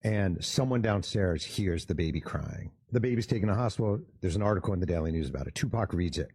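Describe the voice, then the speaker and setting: A man's voice: low voice, fast talker, husky, dry recording. A man and author telling a story in an interview, acting out the people he quotes. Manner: animated storyteller who acts out quotes.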